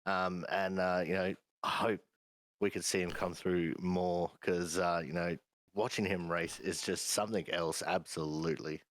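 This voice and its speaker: Australian male co-commentator, very deep, monotone, relaxed. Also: moderate pace, dry recording, poor audio. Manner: easygoing, many "uh, you know" fillers. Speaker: sim racing co-commentator. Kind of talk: race commentary chat.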